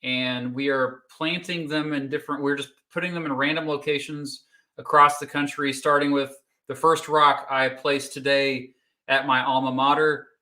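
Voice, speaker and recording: A man in his thirties from Kansas hosting a relaxed livestream, joking and chatting while he eats pizza. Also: medium pitch, moderate pace. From Kansas, United States. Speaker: YouTube host. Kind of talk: casual livestream chat.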